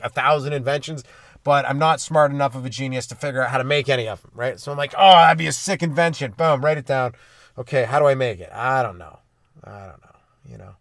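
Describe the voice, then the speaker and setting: A man's voice: mid-range voice, fairly bright tone, dry recording. A young man from Canada hosting a comedy podcast alone from a parked car, ranting in a rambling, sarcastic, self-mocking way and swearing freely. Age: young adult. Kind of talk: solo comedic rant. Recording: dry close sound in a car.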